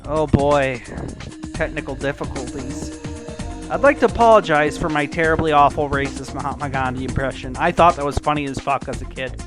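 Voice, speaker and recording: A man's voice: a little high, fairly quick, music in the background. A young man streaming old PC games, rambling and joking crudely at his own expense. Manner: rambling, crude, self-deprecating. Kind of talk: casual game stream commentary.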